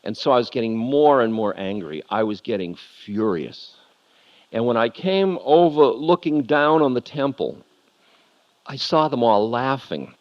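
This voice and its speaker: A spiritual lecturer telling a confessional story candidly and laughing at himself, heard on a muffled lo-fi tape. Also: male voice, mid-range voice, very animated, a little slow.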